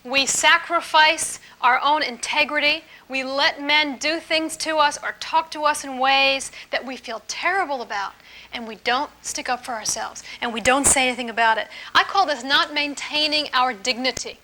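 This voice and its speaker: A woman giving a live relationship seminar to an audience, lively and emphatic, often playful. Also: sits high, moderate pace. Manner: lively, emphatic, playful, laughs while teaching.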